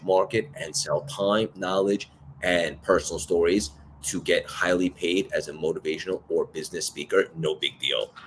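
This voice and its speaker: Male podcast host, New York accent, very low voice, gushing and effusive. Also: a little hiss or hum. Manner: hype-filled, effusive introductions. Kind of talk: live podcast interview.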